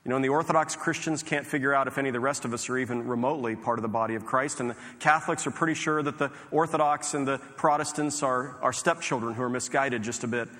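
Earnest pastor preaching a sermon. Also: male voice, on the high side, fairly bright tone. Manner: earnest, conversational, with restarts. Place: large church sanctuary. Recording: long hall reverb.

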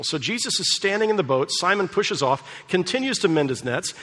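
A man's voice: on the high side, animated, fairly quick, few pauses, fairly bright tone, in a large hall. A man preaching a sermon, telling a story with animation and acting out the voices of its people. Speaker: pastor.

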